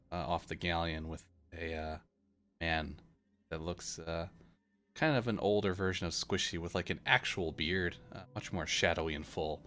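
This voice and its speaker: A man's voice: low-pitched, a bit bright. A man narrating as game master in a loose, rambling way with many fillers.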